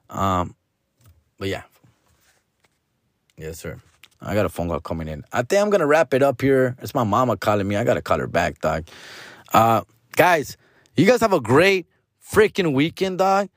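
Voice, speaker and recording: A middle-aged man rambles through a casual podcast monologue, heavy on slang and swearing, with Spanish words mixed in. His voice is mid-pitched and recorded close and dry, with no room sound. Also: lively intonation, moderate pace, pauses often, no room sound. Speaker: podcast host.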